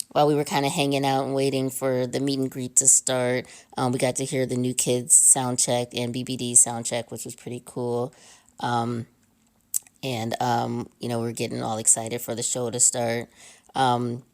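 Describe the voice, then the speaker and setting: A woman's voice: extremely low pitch, a little mellow. A woman recording a casual voice-memo recap for a podcast, rambling along with many ums and uhs. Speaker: fan sending in a recorded story.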